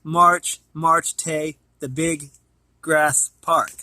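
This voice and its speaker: A man reading a storybook aloud in a put-on Scottish accent, loud and dramatic. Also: a little high, level tone, drawn-out words, no room sound, exaggerated voice. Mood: booming excited.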